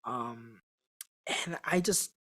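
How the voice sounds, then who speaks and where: A woman's voice: very deep voice, drawn-out words. Chatty woman rambling through a story. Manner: chatty, rambling, heavy with fillers and restarts; acts out quoted people in a mock-excited voice. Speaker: singing contestant guest on a podcast. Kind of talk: casual storytelling interview.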